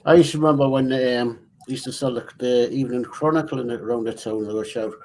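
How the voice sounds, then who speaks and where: Gravelly-voiced man building a model. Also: medium pitch, quick pace. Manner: relaxed, explains assembly steps as he works. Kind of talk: casual chat while building a model.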